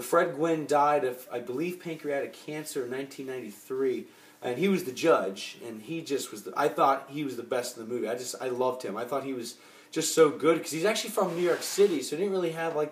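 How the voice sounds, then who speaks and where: A man casually chatting about the movies he bought, rambling and restarting often, with lots of fillers. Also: medium pitch. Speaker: movie collector vlogger. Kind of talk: casual chat. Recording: roomy echo.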